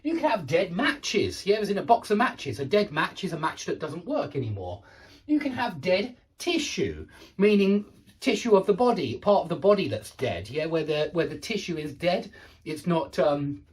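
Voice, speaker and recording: A man teaching English vocabulary in a relaxed, explanatory way, repeating and rephrasing each point with small fillers. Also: high voice, moderate pace. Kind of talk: casual explanatory vocabulary lesson.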